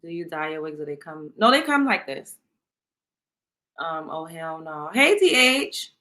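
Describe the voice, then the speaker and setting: A woman with a New York accent chats on her livestream, answering viewer questions in a blunt, profane way. Her voice sits a little low but comes across bright and forceful. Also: very animated, measured pace. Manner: blunt, profane, reads chat aloud. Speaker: livestream host. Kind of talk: casual livestream chat.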